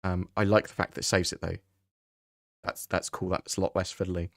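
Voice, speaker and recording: A man with a lowish voice, chatting through viewer questions on a live stream. He keeps it relaxed and conversational and thinks out loud before he lands on an answer. The sound is dry and close, with no room around it. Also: a little fast, gravelly, no echo.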